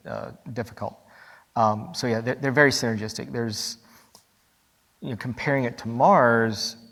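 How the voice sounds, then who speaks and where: Low-voiced man on a conference panel. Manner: thoughtful, with frequent "um" pauses. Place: large conference hall. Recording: long reverb of a large conference hall.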